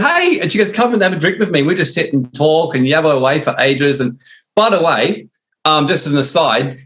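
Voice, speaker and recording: An animated Australian man in middle age, chatting casually as a host. His voice sits a little high for a man, and it leaps even higher whenever he slips into someone else's words mid-story. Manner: animated storyteller, voices swinging up when quoting others. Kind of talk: casual chat.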